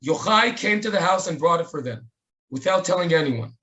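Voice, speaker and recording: His slightly high voice comes across expressive, brisk, pushed, and bright, though the lo-fi sound of the webinar microphone colors it. The man, who has an Israeli accent, pays tribute at a remembrance webinar with earnest stories full of quoted dialogue.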